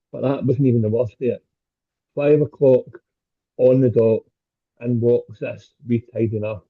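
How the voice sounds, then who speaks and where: Man, Scottish accent, stand-up comedian, crude jokes, husky, tinny call audio. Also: mid-range voice. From Scotland. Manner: crude, self-deprecating punchlines. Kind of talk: stand-up set over a video call. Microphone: video call.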